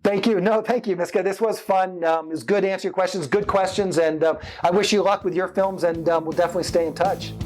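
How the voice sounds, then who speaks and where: A man's voice: sits high, fairly even intonation, fast, hardly any pauses, a little mellow, faint music behind. A middle-aged man, a filmmaker guest, chatting and giving advice in a rambling, casual interview.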